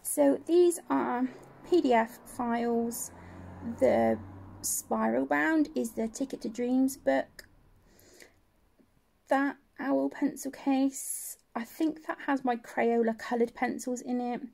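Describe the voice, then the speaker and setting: A woman with a slightly high, gravelly voice chats through a tour of her colouring corner at home. She talks slowly and rambles, teasing herself as she goes. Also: mellow. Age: adult. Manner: chatty, rambling, self-deprecating. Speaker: colouring channel host. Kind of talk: casual room-tour chat.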